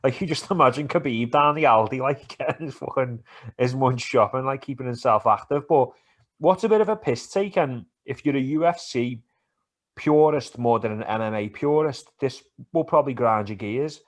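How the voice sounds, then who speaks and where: A man co-hosting a podcast, chatting in a sweary, animated, teasing way. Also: mid-range voice, normal speed. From England. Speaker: podcast co-host. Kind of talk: casual banter about football and MMA.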